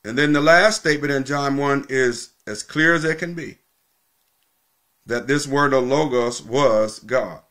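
A man preaches from the pulpit in a steady mid-range voice. He teaches with emphatic repetition, drawing out important words slowly to drive them home. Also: medium pitch. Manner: emphatic teaching, repeating key phrases, slowing for stress. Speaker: pastor. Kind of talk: sermon.

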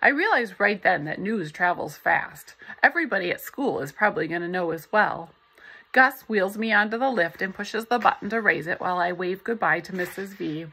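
A woman reading a novel aloud in the first person, in a steady storytelling manner. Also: mid-range voice, moderate pace, breathy edge, rough recording. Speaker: audiobook narrator.

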